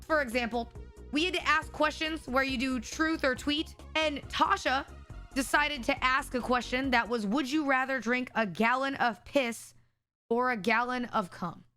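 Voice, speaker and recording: A young woman streamer telling an animated storytime, talking straight to her chat. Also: high voice, a little slow, faint music behind. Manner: animated, addresses chat directly. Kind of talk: storytime vlog.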